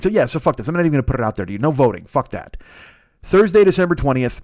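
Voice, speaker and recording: A man in his forties hosts a comedy podcast on his own, talking in a loose, rambling way. He swears freely and keeps stopping to correct himself. His voice sits at an average pitch and is recorded dry and close, with no room sound. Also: expressive, fast talker, dry recording. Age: 40s. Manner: rambling, profane, self-correcting. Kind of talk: casual rambling monologue.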